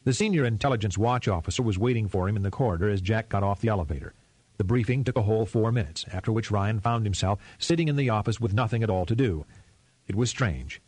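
Low, husky-voiced male narrator. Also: lively intonation, quick pace, a little mellow, dry recording. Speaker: audiobook narrator. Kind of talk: scripted narration.

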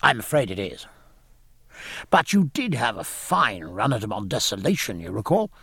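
A man voicing a hearty middle-aged naval captain who talks in brisk, jovial sea slang. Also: on the low side, very animated, vocal fry, a bit bright, breathy edge, dry recording, studio quality, pitched below the performer's own voice, exaggerated voice.

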